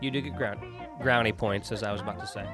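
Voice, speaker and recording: A man hosting a casual live stream, joking and chatting in an animated way while watching old commercials. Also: lowish voice, quick pace, music in the background. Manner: animated, jokey, apologetic asides. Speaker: stream host.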